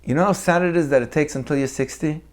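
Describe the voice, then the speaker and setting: A man's voice: a little high, fast talker. A man giving a weekly Torah talk, telling stories animatedly and acting out the people in them. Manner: animated storyteller who acts out the people in his tales. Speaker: Torah teacher.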